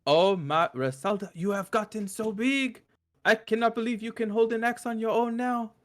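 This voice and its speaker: Man doing a cheerful young adventurer, high excited voice, eager, wide-eyed, tabletop game. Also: slow pace. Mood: delighted.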